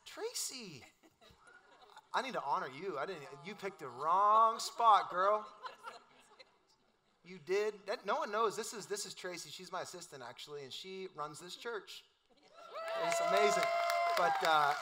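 A man's voice: high voice, brisk, sharp tone. A middle-aged man preaching a sermon in a casual, joking, storytelling way. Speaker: pastor.

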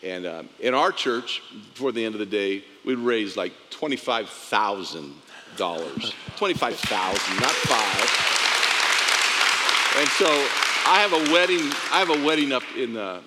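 A man's voice: medium pitch, expressive, a little slow, in a large hall, over a noisy crowd, heavy background noise. A man, a pastor, tells a testimony story from the pulpit, laughing often and acting out the dialogue.

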